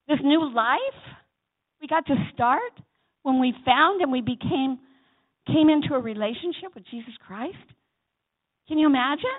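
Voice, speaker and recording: In a church chapel, a woman preacher with a high-pitched voice delivers a sermon, alternating loud exhortations with quiet asides and calling on the congregation to respond. The recording sounds tinny, like a phone.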